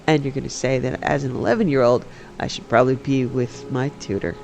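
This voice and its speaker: A man reading aloud and voicing an eleven-year-old boy king in a raised, childish pitch. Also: fairly even intonation, a little fast, vocal fry, darkish tone, slight background noise, lightly acted. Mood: petulant.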